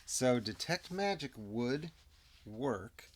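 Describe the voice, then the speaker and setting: A man with an expressive, slow-paced mid-range voice narrates his solo tabletop game, musing aloud and occasionally whispering muttered asides. The recording carries a little hiss or hum.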